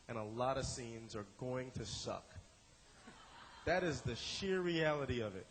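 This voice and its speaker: A man teaching improv to a live class, playful and animated, acting out quick examples in silly voices. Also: mid-range voice, poor audio. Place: room with a live audience.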